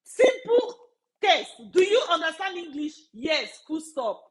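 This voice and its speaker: Emphatic high-voiced woman mentor. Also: sing-song, measured pace, low-quality recording. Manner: emphatic, repeats key phrases, laughs often. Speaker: study abroad mentor. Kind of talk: casual live-stream talk to viewers.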